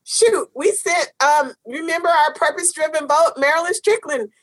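A woman's voice: high voice, normal speed. A woman co-hosting a casual talk show, speaking emphatically and sassily, repeating phrases for stress. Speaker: co-host. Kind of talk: casual chat.

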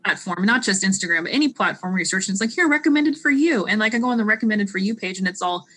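Bright, husky-voiced woman chatting. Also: mid-range voice, very fast. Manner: animated, quotes people in put-on voices. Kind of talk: casual conversation.

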